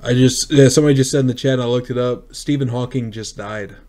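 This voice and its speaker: A man co-hosting a casual livestream podcast, laid-back and quick to laugh. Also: medium pitch, darkish tone. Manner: laid-back, laughs easily, reads from chat. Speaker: podcast co-host.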